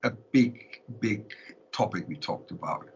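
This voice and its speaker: A man with a German accent telling animated stories in an interview, often laughing and restarting his sentences. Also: fairly low pitch, takes it slowly, vocal fry, a little hiss or hum. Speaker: interviewed musician. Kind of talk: storytelling in an interview. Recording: lo-fi recording.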